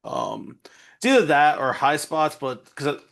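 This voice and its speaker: A man's voice: a little high, animated, unhurried, fairly bright tone. A man chatting as a podcast guest, easygoing, laughing often and trailing off mid-sentence. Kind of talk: casual chat.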